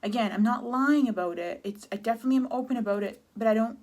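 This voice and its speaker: A woman from Canada in her thirties, talking candidly and haltingly about her depression in a personal vlog, close to tears. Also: a little high, a little mellow. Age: 30s. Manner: candid, halting, many restarts and fillers. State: sad, near tears. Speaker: vlogger.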